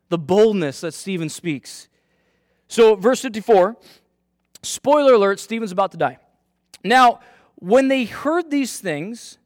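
A man with a fairly high voice leads a casual Bible study. He reads scripture aloud, then stops to add eager, excited remarks. The recording is dry and close. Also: no echo. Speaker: Bible teacher.

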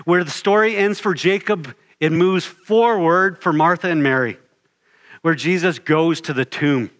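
A man's voice: fairly high pitch, measured pace, fairly bright tone. A man preaching a sermon in an earnest way, building his points through repeated phrases.

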